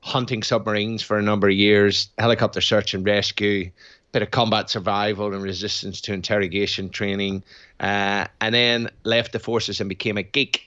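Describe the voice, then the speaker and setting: Guest: middle-aged Belfast man, lowish voice, rambling chatty delivery, dry lo-fi recording. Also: little pitch movement, moderate pace, sharp tone, dry recording. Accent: Northern Irish, Belfast. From Northern Ireland. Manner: rambling, repeats words when starting sentences. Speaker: guest, physiologist and former military aviator. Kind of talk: casual interview chat. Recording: dry, dull lo-fi sound.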